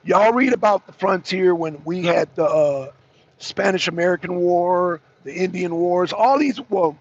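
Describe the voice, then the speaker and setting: A hoarse man from the Southern US hosting a casual livestream, chatty, calling viewers y'all and clearing his throat often. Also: high-pitched, a little slow. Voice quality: raspy, gravelly. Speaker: talk show host. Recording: dull lo-fi stream audio.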